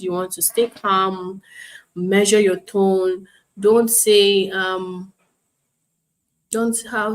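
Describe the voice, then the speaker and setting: A woman instructor teaching an online class, speaking calmly and professionally, acting out customer calls as examples. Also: on the low side. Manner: calm, explains with role-played customer examples. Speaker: bootcamp instructor.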